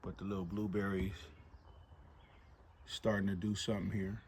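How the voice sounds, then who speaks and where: A man casually walking viewers through his home garden, chatty and relaxed, calling them y'all. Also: low voice, moderate pace, slight background noise. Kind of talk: casual walk-through narration. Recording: music playing clearly behind the voice.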